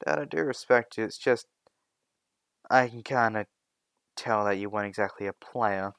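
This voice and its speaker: A man's voice: lowish voice, moderate pace, vocal fry, a bit bright, clean tone, dry recording. A man voicing a cheeky, amused teenage boy in a fan-made spoken story.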